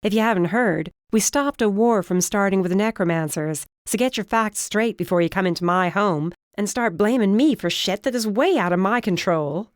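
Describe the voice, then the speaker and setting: A woman's voice: mid-range voice, normal speed, hardly any pauses, no echo, studio quality, pitched above the performer's own voice, lightly acted. A woman voicing a defiant young fire witch who speaks bluntly and sarcastically in an audiobook. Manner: flat, sarcastic.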